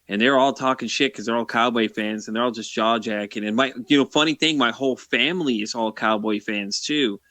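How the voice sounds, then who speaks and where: A man's voice: mid-range voice, a little fast, few pauses, pushed and bright, dry recording. A man chatting on a podcast, talkative and joking in easy banter. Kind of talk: casual chat.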